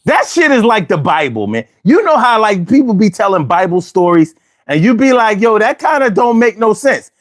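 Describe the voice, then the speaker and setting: High, lively-voiced male livestream host. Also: moderate pace. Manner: slangy, repeats phrases, asks the audience rhetorical questions. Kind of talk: casual livestream talk to chat viewers.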